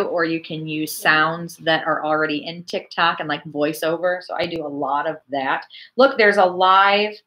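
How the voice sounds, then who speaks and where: A woman in her forties runs a casual church livestream, reading out viewer comments and chatting animatedly in a lowish voice.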